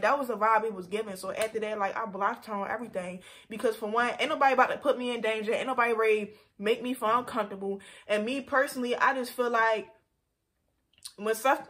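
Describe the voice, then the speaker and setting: A woman's voice: medium pitch, a bit bright. A young woman vlogger telling a personal story in a frank, heated, casual way, full of "like". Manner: frank, heated, heavy use of "like".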